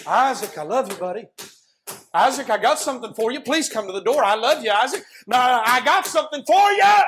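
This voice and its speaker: A man voicing a loving young son who begs, raised and high, at a closed door. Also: expressive, a little fast, fairly bright tone, slight background noise, heavily acted. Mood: begging. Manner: eager, begging, voice raised high.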